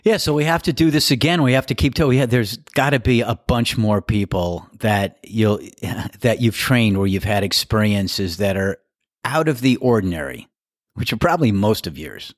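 A man's voice: lowish voice, expressive, moderate pace, no room sound, clean studio sound. Candid older man, laughing host. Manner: laughing storyteller, candid and crude. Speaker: podcast host. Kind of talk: casual chat.

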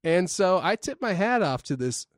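A man's voice: high voice, big pitch swings, moderate pace. Laid-back rambling male podcast host. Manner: laid-back, rambling storytelling with frequent fillers. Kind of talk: casual podcast chat.

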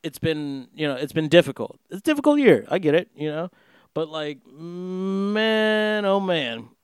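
A man's voice: a little high, animated, a little slow, smooth, dry recording. A man chatting casually in a rambling, profane way, laughing through his story. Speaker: vlogger. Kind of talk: casual chat. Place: Los Angeles.

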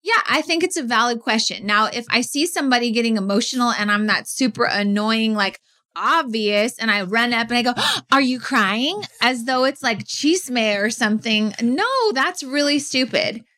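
A woman co-hosting a podcast in casual chat, animated and acting out quotes. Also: fairly high pitch, moderate pace. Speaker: podcast co-host.

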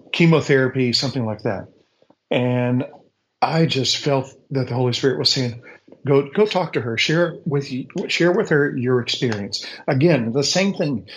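A male guest on a call-in show shares an earnest, faith-driven testimony in a casual storytelling style, his mid-range voice coming through poor audio. He restarts often and repeats words as he searches for them, speaking with faith-filled conviction.

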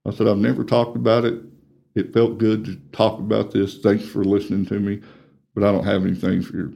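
A middle-aged man with a drawl tells his story in an interview, plain-spoken and earnest. His voice sits low and dark, with a gravelly fry. He drops to a hush when things get painful. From Texas, USA. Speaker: ministry coordinator.

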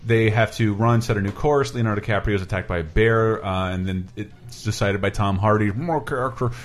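Rambling man hosting a podcast. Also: fairly low pitch. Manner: rambling, halting with fillers. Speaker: podcast host. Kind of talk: casual chat.

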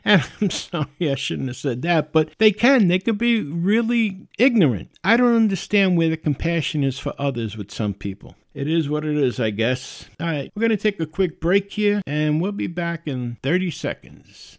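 A man's voice: fairly high pitch, lively intonation, moderate pace, hardly any pauses, no echo, clean studio sound. A man from the Bronx with a strong New York accent, hosting a solo podcast in a blunt, folksy way and chuckling often. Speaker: podcast host.

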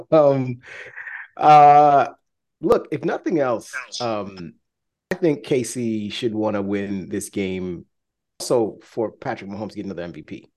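A man's voice: lowish voice, slow, a little mellow. Chatty man co-hosting over a call. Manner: chatty, hesitant with fillers, repeats himself. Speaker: podcast co-host. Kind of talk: casual sports podcast chat. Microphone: remote call.

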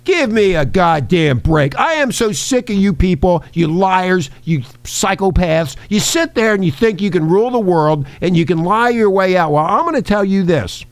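A man's voice: sits high, lively intonation, normal speed, hardly any pauses, no room sound. A man hosting a talk show, ranting and mocking, with sudden swings into put-on voices.

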